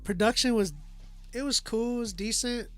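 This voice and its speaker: A man's voice: very high-pitched, normal speed, fairly bright tone. Laid-back man reviewing songs on stream. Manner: loose, laughing, slangy, trails off with "like". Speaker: live-stream music reviewer. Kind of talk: casual live-stream chat.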